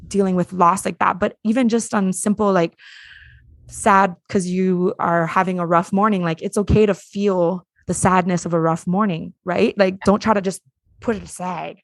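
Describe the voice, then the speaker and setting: A woman's voice: lowish voice, steady tone, moderate pace, dry recording. A woman hosting a casual podcast chat, reading out list items and talking loosely with lots of "like". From Hawaii. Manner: chatty, reads list items aloud, frequent "like". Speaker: podcast host.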